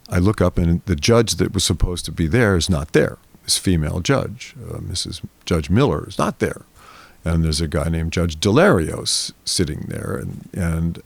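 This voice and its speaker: An older man, a guest on a podcast interview, telling a long story in a lively way and acting out the voices of the people in it. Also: deep voice, dry recording.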